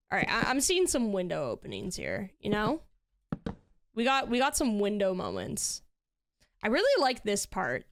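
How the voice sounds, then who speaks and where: A woman's voice: medium pitch, slight background noise. A woman streaming and chatting casually while she builds in a game, laughing often.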